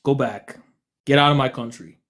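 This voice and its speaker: A man's voice: mid-range voice, moderate pace, a bit bright. A man from the United States hosting a livestream, arguing with callers in a combative, mocking way. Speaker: livestream host. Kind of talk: heated livestream argument.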